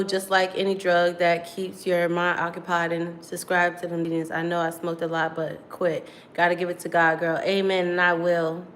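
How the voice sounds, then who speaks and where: A woman's voice: mid-range voice, fairly bright tone, slight background noise. A woman in her thirties from Virginia, tired after crying, talking candidly and in slang straight to her livestream chat. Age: 30s. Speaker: livestreamer reading viewer comments. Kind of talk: casual live stream chat.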